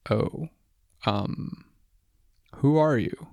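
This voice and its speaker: A man's voice: mid-range voice, very slow, vocal fry, darkish tone, no echo, clean studio sound. A man voicing a playful, stubborn male wolf who tickles trespassers, in a matter-of-fact storybook manner.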